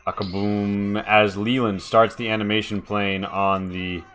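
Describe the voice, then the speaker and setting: A man with a bright, forceful voice runs a tabletop session as game master over online voice chat. His narration is loose and rambling, full of "like" and restarts, with faint music behind him. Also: lowish voice, flat delivery, a little slow.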